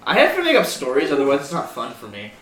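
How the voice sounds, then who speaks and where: A man's voice: on the high side, huge pitch swings, quick pace, fairly bright tone, slight background noise. Young man joking crudely in an echoey room. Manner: crude, laughing, retells clips acting out voices. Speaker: friend in group chat. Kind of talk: casual chat. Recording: roomy echo, distant mic, faint ambience.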